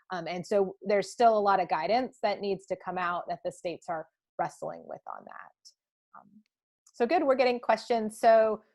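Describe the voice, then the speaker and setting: A young woman presenting a live webinar, answering questions with frequent ums. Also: mid-range voice.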